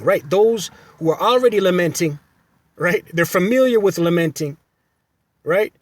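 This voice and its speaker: A man gives an emphatic scripture lesson in a sermon style. His voice sits a little high and sounds somewhat husky. He keeps repeating phrases and checking in with "right?" as he goes. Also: lively intonation, moderate pace. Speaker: teacher of a religious camp.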